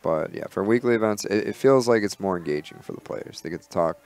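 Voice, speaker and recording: A man co-hosting a podcast in casual chat, relaxed and rambling, with many fillers and restarts. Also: on the low side, fast talker. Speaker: podcast co-host.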